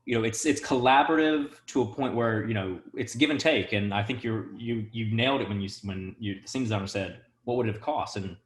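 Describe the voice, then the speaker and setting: A man's voice: on the low side, brisk, few pauses, echoey room. A man hosting an interview, asking questions in a hesitant way with many fillers. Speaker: host, theatre program director. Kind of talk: casual interview.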